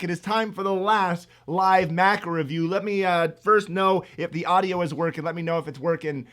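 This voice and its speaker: A middle-aged man teaching economics on a live stream, energetic and hyped, rambling with lots of fillers. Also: high-pitched, moderate pace, few pauses. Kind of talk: live-streamed exam review.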